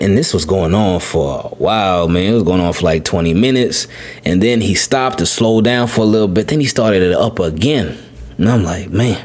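A man hosting a podcast, telling a family story in a loose, rambling way, repeating words and jumping higher when he quotes his son. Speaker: podcast host. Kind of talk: casual storytelling.

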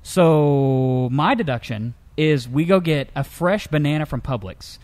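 A man co-hosting a comedic news-story show, telling tales in a lively, animated way. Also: measured pace. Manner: lively storyteller, jumps into high pitch for characters. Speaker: co-host.

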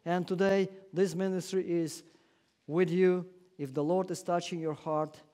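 A man's voice: high-pitched, flat delivery, measured pace, mellow. A man preaching a sermon in a church, emphatic and insistent, with non-native phrasing that drops small words. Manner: emphatic, repeats guarantees. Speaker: guest preacher. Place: church sanctuary.

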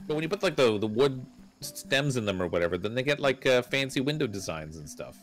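A man's voice: medium pitch, sing-song, brisk, faint music behind. A man chatting casually while playing a game with a friend, rambling with restarts and little laughs. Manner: rambling, hesitant with restarts and fillers. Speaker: streamer co-player. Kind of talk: casual gameplay chat.

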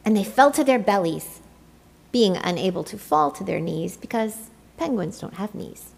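A woman reading a children's picture book aloud in an expressive, playful way. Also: medium pitch, moderate pace, gravelly, breathy edge. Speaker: storyteller. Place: church.

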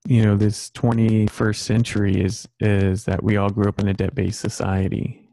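A man in his thirties hosts a casual podcast chat over a video call, rambling with many fillers and restarts. His voice is on the low side with a darkish tone, in a dry recording.

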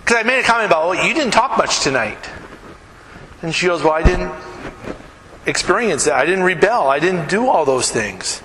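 A man preaching a live sermon as pastor, telling stories emphatically and dropping to hushed, earnest tones. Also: on the high side, sing-song, moderate pace, long pauses. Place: church sanctuary. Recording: echoey church hall, noisy live recording.

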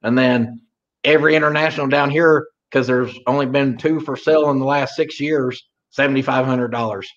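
A man's voice: mid-range voice, fairly even intonation, normal speed, a bit bright. Rambling Oklahoma man, lo-fi sound. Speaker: livestream co-host. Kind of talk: casual chat.

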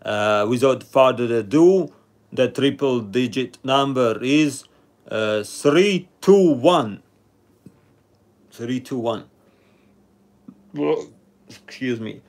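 A man's voice: medium pitch, lively intonation, slow, pauses often. A man hosting a live stream number game, chatting with viewers and reading out their names and rankings. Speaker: livestream host.

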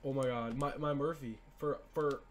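A man's voice: medium pitch, steady tone, moderate pace, slight background noise. Hyped young man, gaming vlog. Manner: hyped, repetitive, slangy. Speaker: gaming YouTuber. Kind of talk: excited gameplay commentary.

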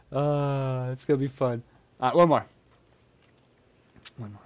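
A man's voice: medium pitch, fairly even intonation, takes it slowly, highs cut off. A man streaming a game, rambling to himself in casual commentary and swearing freely.

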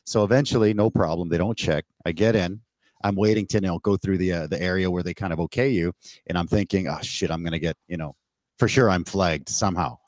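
A man from Canada, a podcast guest, telling a story in casual, animated talk over a remote call, swearing and acting out the exchanges he quotes. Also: low voice, fairly quick, dry recording. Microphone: remote call mic.

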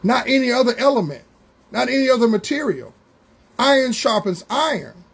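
A man preaching a Bible study sermon, drawing words out slowly for emphasis and calling out to members of the congregation. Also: very high voice, animated, vocal fry, fairly bright tone, husky. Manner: preaching with slow, drawn-out emphasis and call-outs to congregation members.

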